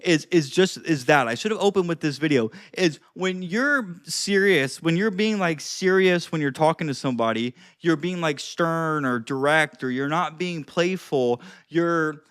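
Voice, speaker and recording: A young man coaching social skills to camera in a loose, slangy way, full of "like" and restarts, moving between loud and quiet asides. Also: on the high side, measured pace, few pauses. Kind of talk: casual talking-to-camera advice.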